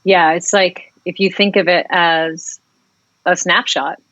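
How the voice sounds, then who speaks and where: Frank, rambling woman guest, lowish voice. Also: steady tone, slow pace, a bit bright, no echo, muffled recording. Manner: rambling, reflective, frank, swears. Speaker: singer-songwriter guest. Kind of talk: casual podcast interview.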